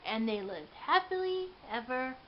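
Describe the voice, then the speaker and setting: A woman giving an expressive, dramatic read-aloud of a children's storybook. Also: sits high, a little slow. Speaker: storybook reader. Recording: dull lo-fi with faint hiss.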